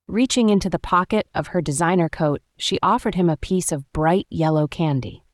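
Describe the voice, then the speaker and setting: A woman narrating a story in a steady, even audiobook reading. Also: on the low side, normal speed, hardly any pauses, no room sound, clean studio sound.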